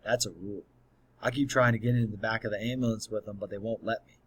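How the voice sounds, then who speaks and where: A man's voice: fairly low pitch, fairly even intonation, quick pace, husky, poor audio. A man narrating an audiobook in the first person, telling the story in a plain, earnest way.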